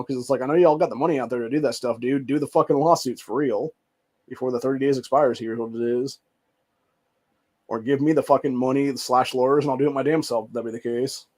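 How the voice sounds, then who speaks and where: A man's voice: medium pitch, a little mellow. An American man hosting a solo podcast, reading out news headlines and reacting with a profane, ranting and casual manner, often calling listeners "dude". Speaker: podcast host.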